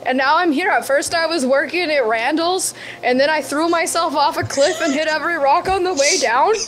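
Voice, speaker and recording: A woman's voice: sits high, a little fast, a bit bright, a little hiss or hum, low-quality recording. A woman voicing a chatty dead woman turned cosmic patron deity, with a Midwestern accent and a folksy, rambling way of talking. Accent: American Midwestern. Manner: folksy, rambling, keeps calling people bud. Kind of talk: tabletop role-play in character.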